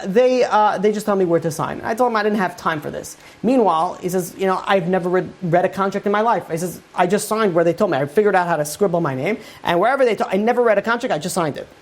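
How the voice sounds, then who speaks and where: A man who is a rabbi, teaching a Torah class and retelling a long story, voicing its people's lines with loose spoken phrasing. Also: high voice. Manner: retells a story at length with many quoted lines; loose spoken phrasing with repeated "he goes and he says". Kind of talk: storytelling lecture.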